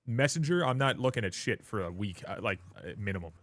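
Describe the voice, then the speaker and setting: A twenty-seven-year-old man hosts a livestream, speaking fast in a lowish, expressive voice. His chat is casual, joking, and rambling, with plenty of self-mockery.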